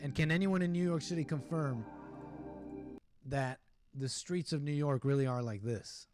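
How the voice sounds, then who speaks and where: A man hosts a loose livestream, reacting aloud and answering his viewers in an animated, rambling flow. His voice sits a little higher than most men's. Music plays clearly underneath him. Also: moderate pace. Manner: animated, rambling, talks to chat, mock-singing asides. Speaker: livestream host. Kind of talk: casual livestream commentary reacting to chat. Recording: music playing behind the voice.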